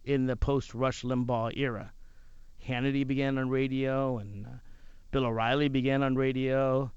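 A man who hosts talk radio, telling a personal story in an animated way. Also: on the high side, smooth, no room sound, dull audio. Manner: animated, acts out other people's lines.

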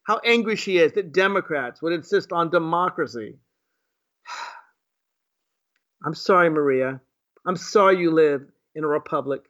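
A man's voice: on the high side, unhurried, pauses often, fairly bright tone, muffled recording. A man from Virginia hosting live political commentary, reacting to clips in a mocking, sarcastic voice full of rhetorical questions. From Virginia, USA.

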